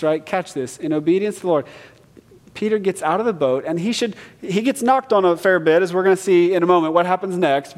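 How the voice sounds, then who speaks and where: A man's voice: medium pitch, a little mellow. A man preaching a sermon as pastor, earnest and emphatic, reading scripture aloud and explaining it. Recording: reverberant hall.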